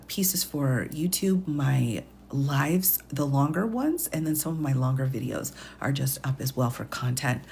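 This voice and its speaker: A woman attorney hosting a late-night livestream, chatting with viewers in a hushed voice with quiet chuckles, speaking from home. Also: rumbling low, creaky, slight background noise.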